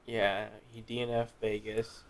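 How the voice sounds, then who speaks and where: A man's voice: lowish voice, level tone, measured pace. A young man co-hosting a casual racing podcast, tired after a drive, easygoing as he lists standings. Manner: easygoing, reads standings in a list. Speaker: podcast co-host. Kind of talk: casual chat.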